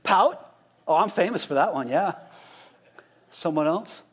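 A pastor gives an interactive sermon in a relaxed, conversational style, his voice unusually high for a man and slightly rough. Animated but unhurried, he keeps asking the congregation questions and echoing back their answers.

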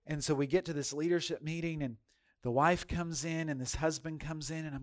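Pastor guy preaching, fairly high voice, storytelling, goes loud then real quiet. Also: brisk. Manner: animated storytelling, dramatic swings in loudness; folksy, addresses congregation directly. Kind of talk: sermon.

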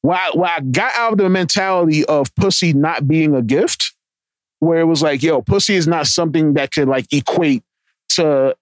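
A man's voice: fairly high pitch, normal speed, dry recording. A man co-hosting a podcast in casual chat, rambling and profane with many restarts. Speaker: podcast co-host. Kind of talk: casual explicit podcast banter.

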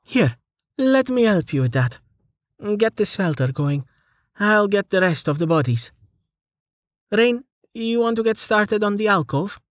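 A male narrator voicing an eager young woman adventurer who talks briskly and brightly. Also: high-pitched, expressive, dry recording, clean studio sound, pitched above the performer's own voice.

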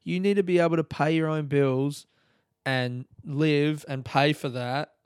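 A man's voice: on the high side, steady tone, unhurried, clean tone, dry recording, studio quality. A young man hosting a podcast, talking on his own in a rambling, candid way and swearing freely. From Australia. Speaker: podcast host. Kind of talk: casual solo podcast monologue.

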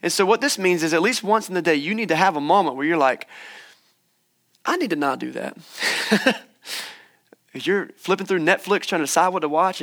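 A man's voice: high voice, a bit bright. A young man preaching a sermon in church, conversational and encouraging, with playful asides. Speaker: pastor. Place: church hall.

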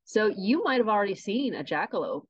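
A woman guesting on a podcast, telling tall tales about a mythical animal with a deadpan delivery. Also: mid-range voice, brisk, husky, dry recording, lo-fi sound. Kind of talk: tongue-in-cheek podcast interview.

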